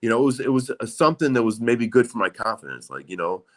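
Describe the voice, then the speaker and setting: A man's voice: mid-range voice, expressive, fast talker, a bit bright. A man in his forties, a guest in a casual interview, talking in a rambling way with lots of fillers and frequent swearing.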